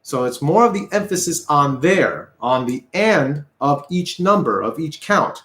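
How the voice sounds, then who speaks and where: A man's voice: on the high side, animated, unhurried, few pauses, reverberant. A man teaching an online guitar lesson, patient and repetitive, counting beats aloud as he explains. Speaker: music teacher. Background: guitar playing.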